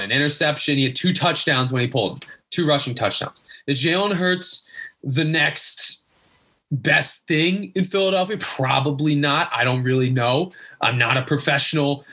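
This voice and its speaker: Fired-up young guy venting about his team, husky bright voice, keeps repeating himself. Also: on the high side. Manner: exasperated, emphatic, repeats himself. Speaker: guest sports fan. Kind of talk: casual rant.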